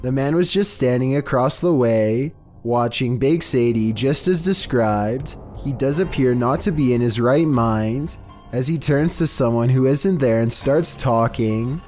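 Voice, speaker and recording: Monotone man narrating a countdown. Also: mid-range voice, measured pace. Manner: monotone, flat delivery. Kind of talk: scripted narration. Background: faint background music.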